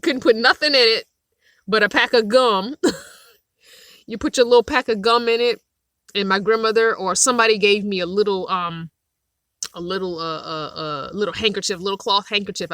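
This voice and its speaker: A woman's voice: mid-range voice, no room sound, clean studio sound. A middle-aged woman, chatting casually on a live stream and telling stories between bursts of laughter. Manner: animated storytelling with frequent laughter. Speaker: vlogger hosting a live chat. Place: inside her van.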